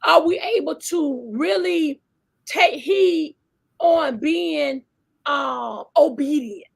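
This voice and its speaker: A woman's voice: high-pitched, slow, vocal fry. A woman guest on a faith talk show, speaking fervently and preaching with emotion. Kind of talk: faith-based conversation.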